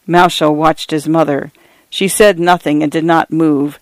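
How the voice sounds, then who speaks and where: A man narrating first-person literary fiction in a measured, even storytelling voice. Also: on the high side, no room sound. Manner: measured, evenly paced storytelling.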